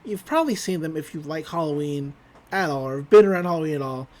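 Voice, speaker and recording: A man's voice: on the high side, lively intonation, fast talker, a little mellow. A man hosting a podcast, casually recapping an episode and laughing often. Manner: laughs often, chatty with fillers. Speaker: podcast host.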